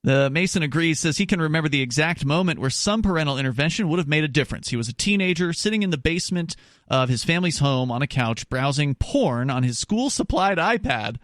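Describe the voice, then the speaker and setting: A man's voice: fairly high pitch, expressive, quick pace, a bit bright, dry recording, studio quality. A male radio talk show host reading news stories aloud and chatting with his co-host, with casual asides and restarts. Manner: conversational with frequent restarts and asides.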